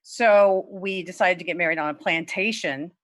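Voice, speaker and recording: A middle-aged woman from Louisiana telling a true personal story at a story slam over a video call, candid and swearing freely, her voice leaping high when she quotes herself. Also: moderate pace, no echo. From Lafayette, Louisiana. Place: home, virtual event.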